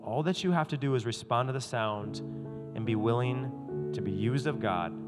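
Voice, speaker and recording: A man preaching an energetic youth sermon, acting out quotes with stammers and sudden loud bursts. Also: medium pitch, moderate pace. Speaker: youth pastor. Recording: live in a hall with music playing behind.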